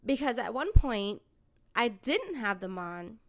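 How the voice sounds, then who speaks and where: Speaking a little slowly in a fairly high voice, this woman, a streamer and podcast co-host, recounts a story during casual conversation. She gets animated, curses freely, and performs other people's lines.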